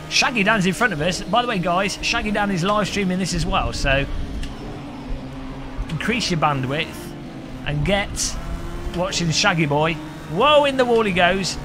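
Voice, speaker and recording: Lively excitable man streaming a race. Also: on the high side, normal speed, long pauses. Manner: excitable, jokey banter with chat. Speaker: live streamer. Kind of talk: live sim racing commentary. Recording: game engine noise behind voice.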